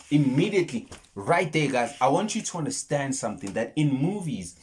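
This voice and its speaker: A man's voice: a little high, a little mellow. Earnest man breaking down a film. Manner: earnest, repeats and restarts words, retells scenes. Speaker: YouTube film commentator. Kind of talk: casual film breakdown monologue.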